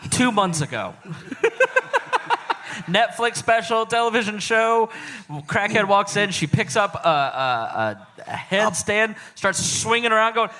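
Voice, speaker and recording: Giggly high-voiced man co-host. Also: lively intonation, pushed and bright. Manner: giggly, quick to laugh. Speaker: podcast co-host. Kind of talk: casual banter. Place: live show stage.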